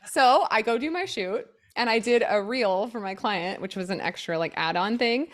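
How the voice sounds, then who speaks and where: At a moderate pace and in a mid-range voice, a young woman co-hosting a podcast chats casually. She tells stories with animation, playing the people in them.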